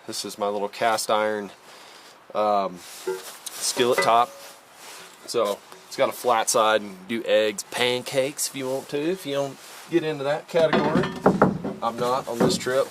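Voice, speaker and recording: Filming from a mountain campsite, this man speaks at an unhurried pace in a steady, mid-range voice over heavy background noise. The altitude leaves him slightly winded, but he stays easygoing and folksy, dropping "y'all" throughout his casual outdoor vlog.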